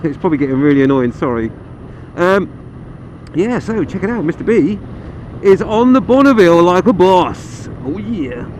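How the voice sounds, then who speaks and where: A man's voice: high-pitched, sing-song, moderate pace, poor audio. A man chatting casually and self-deprecatingly as he reviews a motorcycle while riding it outdoors, with plenty of ums and uhs. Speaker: motorcycle vlogger reviewing a bike. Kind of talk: casual ride-along review. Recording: loud wind and engine noise.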